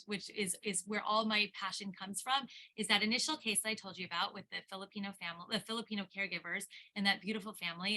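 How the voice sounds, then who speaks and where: A woman's voice: mid-range voice, pushed and bright. A middle-aged woman attorney giving an impassioned seminar talk, telling a story with lots of restarts and repeated words. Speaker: elder law attorney speaking at a seminar.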